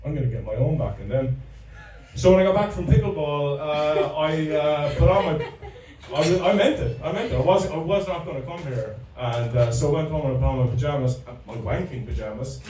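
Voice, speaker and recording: A man doing a rambling, profane stand-up comedy set, stalling often with halting fillers. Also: fairly high pitch, crowd noise. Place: comedy club room. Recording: echoey room, distant mic, faint ambience.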